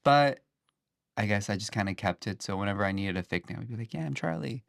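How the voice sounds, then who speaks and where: A man's voice: fairly low pitch, quick pace, dry recording, clean studio sound. A young man who DJs, chatting casually as a guest and rambling with plenty of filler words. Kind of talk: casual chat.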